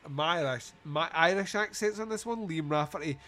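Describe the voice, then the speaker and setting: A man's voice: a little high, moderate pace, pushed and bright. Sweary, joking man reviewing a film. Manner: sweary, jokey, quotes scenes in put-on voices. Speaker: podcast host. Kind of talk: casual film review chat.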